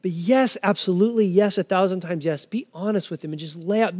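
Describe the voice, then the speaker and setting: A man with a high voice delivers a sermon, full of passion and feeling. He slips into the voices of the people in the scripture, now soft and now pleading, as he tells their story. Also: brisk, few pauses. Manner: impassioned preaching, voicing the people in the scripture he quotes. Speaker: pastor.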